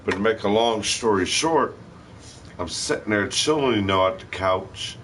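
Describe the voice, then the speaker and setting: A man's voice: fairly low pitch, lively intonation, moderate pace, a bit bright, a little hiss or hum. A middle-aged man hosting a live stream, telling rambling, profane stories in casual chat. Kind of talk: casual storytelling.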